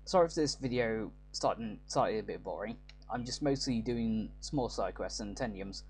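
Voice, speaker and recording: A man's voice: fairly low pitch, animated, moderate pace, a little mellow, breathy edge. Let's play host, man, loose rambling commentary, fixes his words as he goes. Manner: rambling, self-correcting. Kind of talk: casual gameplay commentary.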